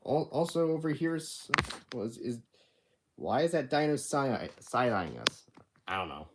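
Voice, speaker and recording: A teenage boy chatting casually on a livestream from his bedroom, halting and rambling with many restarts. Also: medium pitch, big pitch swings, very noisy. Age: teens. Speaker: livestream host.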